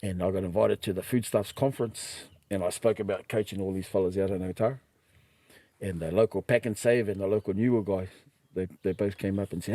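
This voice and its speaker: Middle-aged New Zealand man, mellow and animated, spinning yarns on a podcast. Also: lowish voice, a little fast, no echo. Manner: animated, acts out quoted voices, laughs while telling. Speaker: podcast guest. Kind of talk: casual storytelling.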